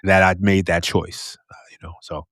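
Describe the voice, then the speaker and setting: A man hosting a podcast interview with a loud, deep, projecting voice, talking in an animated, expressive way and laughing often. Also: moderate pace, dry recording, clean studio sound. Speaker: podcast host. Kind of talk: casual conversational interview.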